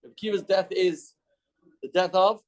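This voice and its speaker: A man's voice: sits high, a little slow, a little mellow. A man giving a daily Talmud class in a study hall, reading the text aloud and explaining it in English, acting out the dialogue as he goes. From Canada. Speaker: Talmud teacher.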